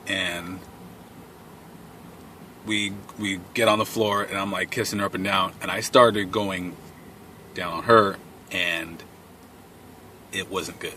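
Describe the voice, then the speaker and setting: A man's voice: low voice, flat delivery, a little slow, long pauses, bright, forceful tone, a little hiss or hum. A young man telling a crude personal story straight to camera, blunt and full of swearing. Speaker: vlogger. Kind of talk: casual storytime.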